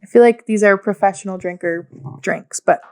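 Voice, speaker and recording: A woman's voice: medium pitch, moderate pace, darkish tone. A young woman co-hosting a podcast, giggly and playful in casual chat. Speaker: podcast co-host.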